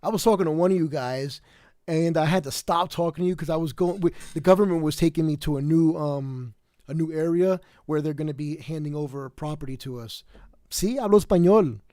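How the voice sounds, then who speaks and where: Tired New York man, livestream host; raised voice, dark mellow tone, dead-dry sound, rambling delivery. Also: fairly high pitch, a little fast, no room sound. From South Bronx, New York. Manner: rambling, many fillers and restarts. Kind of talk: casual livestream chat.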